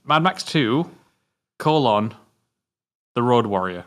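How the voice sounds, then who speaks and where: A British man with an average-pitched voice hosts a casual film review show. He moves things along briskly and teases his co-host with dry quips. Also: animated, fairly bright tone. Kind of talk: casual film chat with scripted intro.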